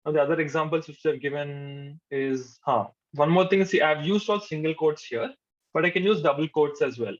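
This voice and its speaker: A man's voice: a little high, normal speed. A male programming instructor, giving a live coding lecture to a class. He repeats his points patiently and says "okay" often. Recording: dull lo-fi sound.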